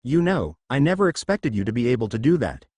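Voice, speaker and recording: A man voicing a flustered young male ninja hero, gentle and reassuring, in a fan fiction audiobook. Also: mid-range voice, very animated, quick pace, no echo.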